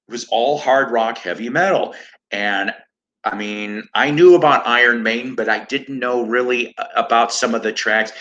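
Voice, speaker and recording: With a medium pitch and a bright, forceful tone, the fifty-something Chicago record collector rambles through a laid-back livestream, drifting off topic, ribbing himself, and swearing freely. The recording quality is low.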